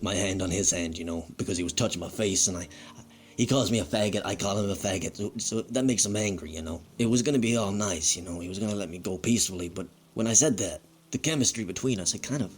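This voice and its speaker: In a comedic monologue, a man plays a crude, bitter wrestler who's been fired, rambling, self-pitying and foul-mouthed. His low voice moves quickly in a lightly acted delivery.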